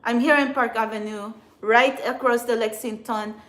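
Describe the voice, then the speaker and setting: A woman, a spiritual channeler, venting in an emotional, agitated monologue outdoors in a city, swearing often and swinging between quiet and loud. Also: a little high, fairly even intonation, normal speed, roomy sound. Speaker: spiritual channeler and tarot reader.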